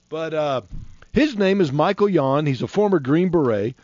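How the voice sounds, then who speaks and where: A preacher in his fifties delivers a heated, folksy sermon, his fairly high voice leaping and dropping with fervor. The recording is muffled and lo-fi, with no room echo. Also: a little mellow. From Florida. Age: 50s. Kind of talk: fiery sermon. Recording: dull, dry lo-fi recording.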